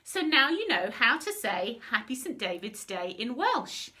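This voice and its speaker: A woman's voice: fairly high pitch, big pitch swings, unhurried, sharp tone. A woman patiently teaching children how to pronounce words in a school lesson video. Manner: patient, clear pronunciation teaching. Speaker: language helper.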